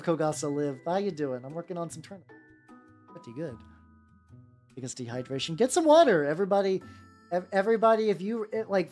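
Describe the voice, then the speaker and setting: With a medium-pitched, darkish voice, a woman paints miniatures on stream and rambles casually. She swears without restraint and says hello to her chat by name while faint music plays behind her.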